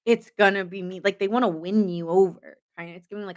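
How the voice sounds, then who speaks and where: A woman's voice: mid-range voice, fairly even intonation, quick pace, darkish tone. A woman giving a casual late-night tarot reading, chatty and goofy, joking often. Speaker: tarot reader.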